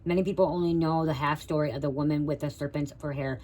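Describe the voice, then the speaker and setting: A tarot reader moves at a quick pace through a live stream, tripping on the guidebook text and turning aside to speak to viewers. Her voice is low and fairly even, and the recording sounds rough.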